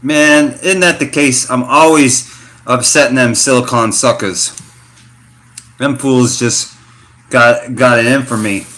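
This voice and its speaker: A man's voice: medium pitch, takes it slowly. A middle-aged man from the United States, telling a story in a loose, slangy way for his vlog. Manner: slangy, animated storytelling with fillers. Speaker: vlogger. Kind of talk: casual rambling vlog talk.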